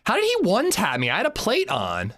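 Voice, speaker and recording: A man streaming a game live, chatting casually with viewers, swearing freely and breaking into loud laughs. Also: high-pitched, huge pitch swings, quick pace. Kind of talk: casual livestream chat while gaming.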